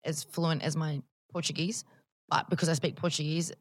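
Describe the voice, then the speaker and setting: A woman's voice: low-pitched, little pitch movement, moderate pace. An Australian woman chatting frankly as a podcast guest, swearing freely. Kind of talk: casual chat.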